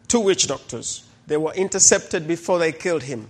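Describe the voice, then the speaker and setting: With a voice that sits high, this middle-aged Ugandan pastor speaks a little fast with few pauses, and there's a faint hiss or hum. He tells sermon testimony stories in an animated way, playing out each person in them.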